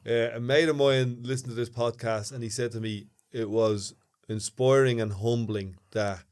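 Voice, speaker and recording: An Irish man chats on a podcast at an everyday middling pitch. He teases his co-host and is quick to laugh, keeping the talk light and friendly. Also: fairly even intonation, a little mellow, smooth. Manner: jokey, teasing, quick to laugh. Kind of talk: casual chat.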